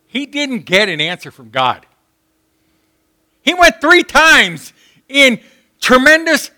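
A man preaching a sermon, impassioned and rising to shouts when he acts out prayers. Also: high voice. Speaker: pastor.

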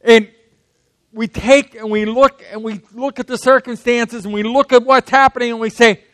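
A man with a notably high voice delivers a sermon, talking with the congregation and throwing questions at them. The sound is dry and close, with little room reflection. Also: fairly even intonation, normal speed, fairly bright tone, dry recording. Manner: conversational, asks the congregation questions. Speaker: preacher.

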